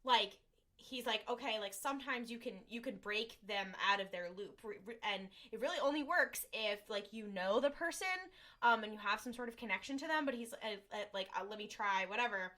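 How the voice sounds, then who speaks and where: A woman's voice: on the high side, brisk, bright, forceful tone. A woman co-hosting a podcast, casually retelling an episode with lots of filler words and acted-out lines. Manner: rambling, lots of "like" and "um", acts out lines. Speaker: podcast co-host. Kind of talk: casual recap chat.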